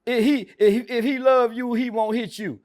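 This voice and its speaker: A man giving a loud, preachy monologue built on rhetorical questions, as a guest on a podcast. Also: very high voice, fairly even intonation, normal speed. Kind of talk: provocative monologue.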